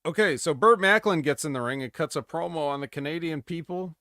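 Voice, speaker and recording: A man's voice: a little high, fairly quick, sharp tone, dry recording, clean studio sound. A man co-hosting a podcast, recapping wrestling in a rambling, jokey way and slipping into mock promo voices. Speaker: podcast co-host. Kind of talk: casual wrestling recap chat.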